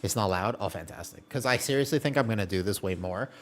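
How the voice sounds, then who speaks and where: A man streams a game and chats casually with viewers, reading and answering their messages as he plays, often laughing and trailing off mid-sentence. He's a fast talker with a fairly low pitch. A little hiss or hum sits in the recording.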